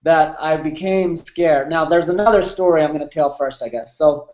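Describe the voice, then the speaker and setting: A man's voice: on the high side, normal speed, darkish tone, reverberant, lo-fi sound. A man in his thirties telling a candid, emotional personal story as an interview guest, with many fillers. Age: 30s.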